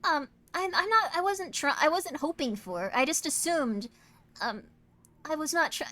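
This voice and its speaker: A tired woman streamer chatting casually while doing tarot readings, talking in quick self-interrupting bursts and apologizing often. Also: high voice, lively intonation, pushed and bright. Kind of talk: casual live-stream chat.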